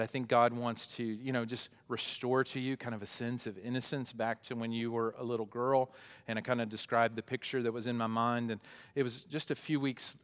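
A man's voice: mid-range voice, fairly bright tone. A male pastor giving a conversational sermon, with asides and self-corrections as he talks. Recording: long reverb of a hall.

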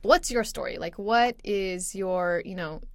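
A woman's voice: medium pitch, unhurried, dry recording, clean studio sound. A young woman co-hosting a podcast, asking questions and backing up her partner in casual chat. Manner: supportive listener, asks questions, many "mm-hmm"s. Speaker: podcast co-host.

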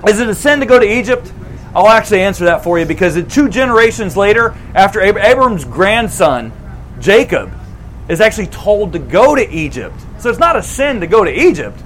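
High-voiced, animated male preacher. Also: fairly quick, low-quality recording. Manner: conversational, animated, repeats phrases for emphasis. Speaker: pastor. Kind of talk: sermon.

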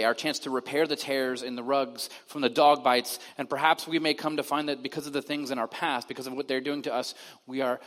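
A male pastor delivers a casual, conversational sermon. He moves between loud, pressing emphasis and soft, near-quiet stretches. His voice carries a long reverb from a church hall. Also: medium pitch.

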